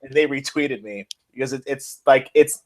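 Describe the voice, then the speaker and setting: A man co-hosting a casual wrestling and sports podcast, excitable and rambling, swearing as he goes. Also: mid-range voice, normal speed. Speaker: podcast co-host. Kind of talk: casual chat.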